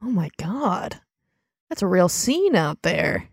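A woman playing a tabletop role-playing game, joking along quickly and playfully. Her voice is gravelly with fry, recorded close and dry. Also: lowish voice, sing-song, dry recording. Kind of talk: in-character role-play banter.

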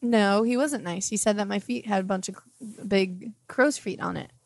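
Gravelly young woman podcast host. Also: medium pitch, normal speed, slight background noise. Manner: indignant, laughing, says "like" a lot. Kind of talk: comedic podcast banter.

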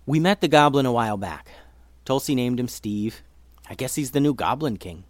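A level-headed ninja companion, voiced by a man, talks things through in an easygoing, reasonable way. He is a calm figure in a children's story podcast. The recording is dry. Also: mid-range voice, normal speed, dry recording, lightly acted. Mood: reasoning.

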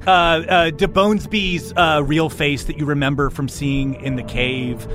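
A man narrating a tabletop role-playing game as game master, building scenes in a deadpan way, with frequent fillers. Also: on the high side, measured pace, soft background music.

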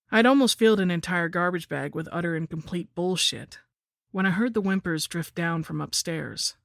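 A man narrates a first-person horror tale with wry asides. His voice sits a touch high for a man and carries a gravelly fry, recorded dry and close with no room sound. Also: fairly bright tone, dry recording. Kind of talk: scripted horror story narration.

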